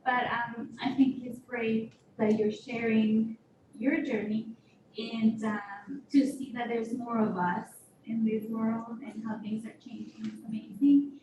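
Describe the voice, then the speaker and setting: Host, woman from Mexico, halting thanks, higher voice, far off in a noisy echoey room. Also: flat delivery.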